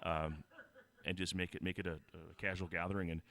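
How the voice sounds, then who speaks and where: A man's voice: level tone, fairly quick. A man running a video game tournament stream and calling the plays in a casual, rambling way. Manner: rambling and self-correcting, gets loud and high on big plays. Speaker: tournament organizer and play-by-play commentator.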